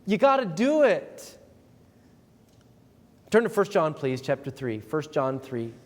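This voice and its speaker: A fairly high-voiced man preaching to his congregation. He is emphatic and conversational, slipping into playful voices for quotes, and his words carry a long reverb through the church sanctuary. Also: big pitch swings, slow. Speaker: pastor. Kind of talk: sermon.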